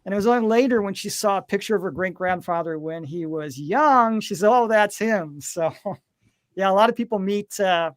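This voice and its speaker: A man hosting a live video chat, telling stories in a relaxed way with many fillers and acting out the voices he quotes. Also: high-pitched, fairly quick, no echo. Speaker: host.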